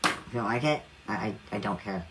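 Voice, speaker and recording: A man's voice: lowish voice, expressive, fast, background noise. A man in his thirties, a singer, ranting on a livestream in a defiant, demanding way. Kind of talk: livestream rant.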